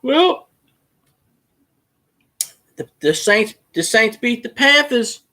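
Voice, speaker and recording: A man's voice: very high voice, takes it slowly. A man hosting a casual solo fan chat, rambling and swearing as he tells stories about arguing with rival fans. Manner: profane, rambling, animated storytelling. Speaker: fan show host.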